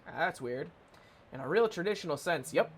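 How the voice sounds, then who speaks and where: A man's voice: on the high side, moderate pace, slight background noise. Charles: a man doing an Irish handyman. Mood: folksy. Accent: put-on Irish. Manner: modest, rambling, lively. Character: folksy male handyman, modest and rambling.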